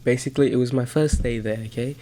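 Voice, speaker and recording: A young man from Sri Lanka speaking at an average pitch, relaxed as he tells his story. A faint hum sits under his voice. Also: fast. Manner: laid-back storytelling, says "dude" a lot. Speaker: podcast co-host. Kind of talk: casual chat.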